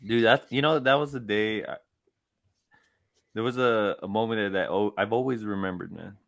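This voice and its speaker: A man's voice: fairly low pitch, normal speed, gravelly, fairly bright tone, no room sound, clean studio sound. A young man co-hosting a casual comedy podcast who teases and jokes. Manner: joking, teasing interjections. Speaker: podcast co-host.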